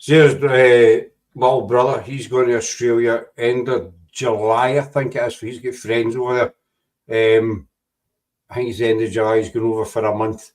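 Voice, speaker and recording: A man's voice: medium pitch, flat delivery, moderate pace, a little mellow, low-quality recording. Rambling man chatting. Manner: rambling, with many restarts and asides. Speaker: podcast host. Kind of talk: casual chat.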